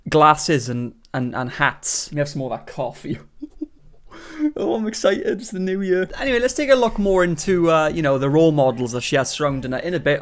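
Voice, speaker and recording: Sarcastic man ranting. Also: fairly high pitch. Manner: sarcastic, ranting, laughs often. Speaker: commentary host. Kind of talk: reaction commentary.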